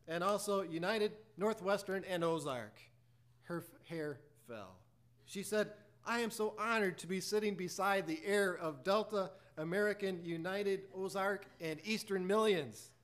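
Man, high voice, preacher, sermon storytelling, acts out dialogue. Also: slow pace. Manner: animated storyteller acting out dialogue.

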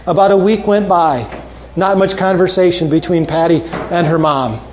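Man, preacher, sermon, earnest repeated appeals, soft low drops, somewhat high voice, faint background noise. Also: moderate pace. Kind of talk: sermon with closing story and altar call.

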